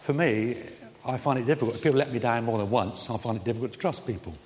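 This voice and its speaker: Male preacher, mid-pitched, conversational sermon delivery, long hall reverb. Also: fast talker, slight background noise. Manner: conversational, rising on questions and quotes, dropping soft on tender lines.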